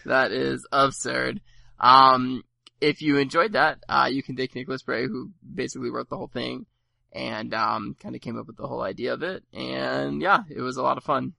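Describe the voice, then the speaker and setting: Creaky, bright-voiced male podcast host. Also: medium pitch, fairly even intonation, a little fast, no room sound. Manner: rambling, filler-heavy, laughs easily. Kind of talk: casual chat.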